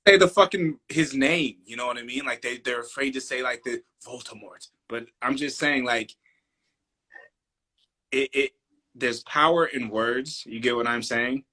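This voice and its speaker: A man's voice: medium pitch, bright, forceful tone. A man co-hosting a casual podcast, cutting in with loose, profane remarks. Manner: loose, profane, quick interjections. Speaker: podcast co-host. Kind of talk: casual opinion chat.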